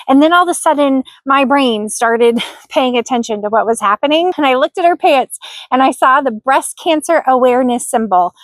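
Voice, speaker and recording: A middle-aged woman tells a personal story in an earnest, heartfelt way. Her voice sits high, and the sound is dry and close with almost no room around it. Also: dry recording. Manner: earnest, heartfelt, emotional at times. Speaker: vlogger.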